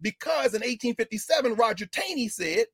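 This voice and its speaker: A man giving an animated lecture with comic asides, jokey and quick to slip into mock voices. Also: very high-pitched, slightly rough.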